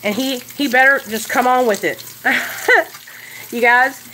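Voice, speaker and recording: Blunt, bright-voiced woman vlogger. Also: sits high, slow pace, slight background noise. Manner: blunt, emphatic, swears, repeats herself. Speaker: recovery vlogger. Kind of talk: casual motivational vlog talk.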